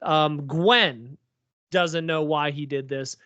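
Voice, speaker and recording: Male podcast co-host, higher register, loose rambling delivery, close dry mic, muffled recording. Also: slow, pushed and bright, no echo. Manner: rambling, lots of "like" and "um". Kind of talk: casual TV recap chat. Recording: dull lo-fi recording.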